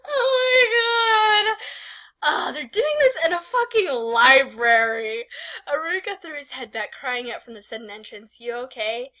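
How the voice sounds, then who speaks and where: A woman's voice: extremely high pitch, lively intonation, measured pace, bright, forceful tone, poor audio. Giggly young woman reading a fanfic. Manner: giggly, exclaims and swears often. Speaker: host reading a fanfic aloud. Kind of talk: casual comic read-along.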